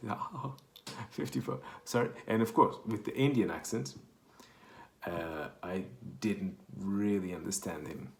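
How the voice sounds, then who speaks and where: In an echoey room, a Portuguese man speaks at normal speed in a low-pitched voice with vocal fry. His Portuguese accent colors a casual, rambling story full of self-corrections.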